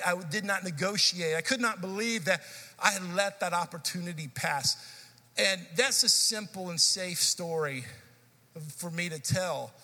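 A man in his forties preaching a sermon, telling a childhood story in a casual, animated, conversational way. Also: high voice. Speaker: pastor. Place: church sanctuary. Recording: church hall reverb.

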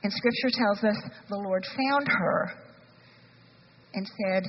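A woman's voice: medium pitch, takes it slowly, pauses often, slight background noise. A woman pastor preaching a sermon in an earnest, frank way and reading scripture aloud, recorded in a church sanctuary with dull lo-fi sound and long reverb.

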